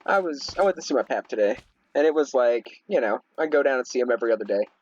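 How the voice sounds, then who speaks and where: Husky man rambling through a story. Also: mid-range voice, lively intonation, fast, lo-fi sound. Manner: rambling, many fillers and restarts. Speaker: gaming video host. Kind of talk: casual storytelling over gameplay.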